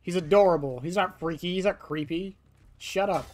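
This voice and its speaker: A man's voice: high-pitched, normal speed, a little mellow. A young man streaming a game, rambling casually to his chat with lots of fillers and laughs. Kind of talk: casual gameplay commentary to chat.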